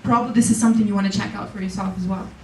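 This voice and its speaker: Lively woman, echoey hall. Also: medium pitch, racing, far from the mic, slight background noise. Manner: lively, laughs often, acts out quoted people. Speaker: keynote speaker. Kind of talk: motivational public speech. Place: conference hall.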